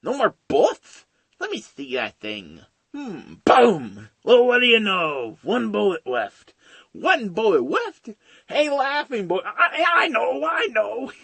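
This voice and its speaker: A man's voice: high-pitched, big pitch swings, takes it slowly, creaky, a bit bright, slightly rough, no echo, voice pushed up, exaggerated voice. A man doing a sputtering cartoon duck. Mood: excitable.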